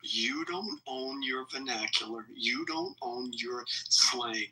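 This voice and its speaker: A man's voice: medium pitch, takes it slowly, bright, forceful tone, slight background noise, low-quality recording. A man in an online chat room, arguing his point in a lecturing way. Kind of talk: argumentative chat.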